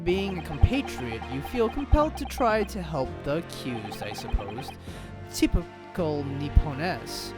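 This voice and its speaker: A man voicing a haughty, cold British male prosecutor who speaks in a slow, disdainful, clipped way. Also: a little high, sing-song, voice pushed down. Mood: sneering. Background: game music.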